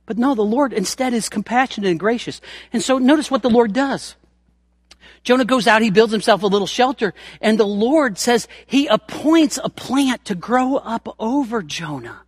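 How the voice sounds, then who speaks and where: Guy preaching a sermon, folksy and punchy, pretty high pitched voice. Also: expressive, normal speed, husky, no echo, clean studio sound. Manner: emphatic, folksy preaching with dramatized scripture quotes.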